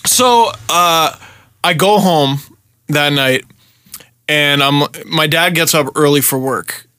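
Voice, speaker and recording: A young man from Canada, a podcast host telling a story in casual chat, animated and swearing freely. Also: a little high, takes it slowly, clear, resonant tone, dry recording, studio quality. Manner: animated, swearing, acts out shouted quotes.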